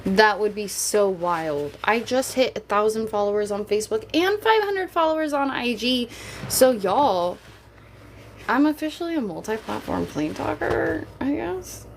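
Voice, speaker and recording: A woman livestreaming, talking straight to her viewers in a slightly high voice. She is candid and jokey and drops the odd swear word. A faint noise sits under her voice. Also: expressive, a little slow, creaky. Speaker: mother. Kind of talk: casual live-stream chat.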